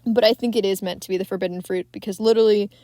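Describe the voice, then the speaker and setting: A woman's voice: mid-range voice, fairly even intonation, rapid-fire, warm tone, no room sound. A young woman hosting a podcast, recapping a film in a rambling, casual way with lots of fillers and swearing. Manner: rambling, many fillers, swears freely, frequent laughs. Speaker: podcast host.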